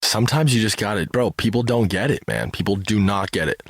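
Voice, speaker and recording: A man talking on a podcast in a laid-back way, full of profane slang. His voice is low and the sound is dry and close, and he sometimes trails off into a mutter. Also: lively intonation, brisk, no room sound. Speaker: podcast co-host. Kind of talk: casual podcast chat.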